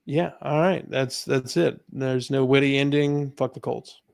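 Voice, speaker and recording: A man hosting a casual panel podcast, calling his own voice monotone. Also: mid-range voice, unhurried, creaky, no room sound, studio quality. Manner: self-described monotone voice. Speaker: podcast host.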